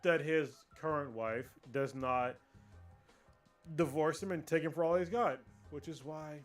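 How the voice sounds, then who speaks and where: A man's voice: fairly high pitch, a little slow, soft background music. Profane, fired-up man on a livestream. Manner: profane, ranting and animated. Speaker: podcast co-host. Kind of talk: casual livestream chat.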